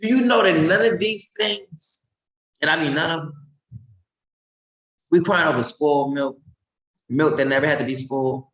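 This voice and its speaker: A man's voice: fairly high pitch, moderate pace, pauses often, a bit bright. Emphatic, mocking preacher man. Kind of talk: animated sermon-style commentary. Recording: roomy echo.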